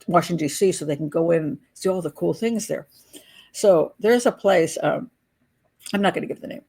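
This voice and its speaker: An older woman from the United States, an advice vlogger, chats and tells stories casually in a fairly low, gravelly voice. She laughs often and restarts her sentences.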